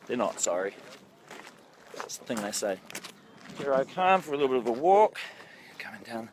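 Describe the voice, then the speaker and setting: A man's voice: fairly high pitch, very animated, normal speed, long pauses, low-quality recording. A man directing a film who hosts a casual walking livestream, rambling and joking about himself with many ums, filmed on a phone held at arm's length. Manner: rambling, jokey and self-mocking, with many ums. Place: outdoor film set by a lake. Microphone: phone held at arm's length while walking. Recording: outdoor set noise behind the voice.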